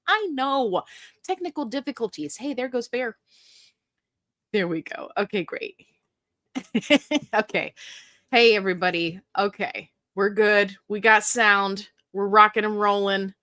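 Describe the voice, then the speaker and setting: A woman's voice: medium pitch, a little slow, long pauses, a bit bright, no echo, clean studio sound. A woman hosting a casual live stream, chatting and greeting viewers by name in a bubbly, upbeat way. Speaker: livestream host.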